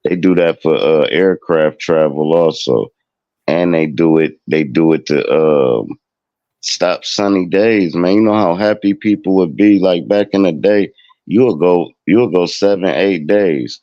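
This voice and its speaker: Very deep-voiced man on a dull line. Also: a little slow, dry recording. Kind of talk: casual livestream chat.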